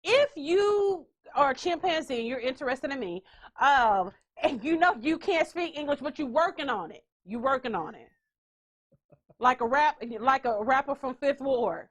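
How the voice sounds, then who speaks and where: A woman's voice: high-pitched, a bit bright. A woman hosting a podcast in casual chat, brash, joking and profane. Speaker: podcast host.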